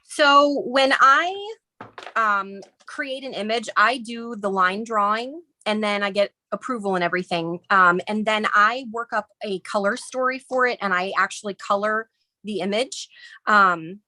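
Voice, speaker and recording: A woman's voice: mid-range voice, measured pace, sharp tone, no echo. A woman from near St. Louis, a guest designer who explains a stencil project in a friendly, chatty way and laughs often. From Southern Illinois, near St. Louis. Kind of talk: casual craft demonstration.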